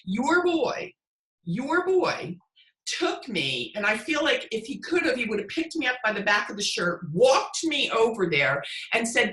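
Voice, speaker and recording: A woman psychic medium talks as a guest, effusive and emotional, full of stories. Her voice is high and bright and swings widely in pitch. The sound is echoey, as if in a bare room. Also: sing-song, normal speed. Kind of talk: casual chat.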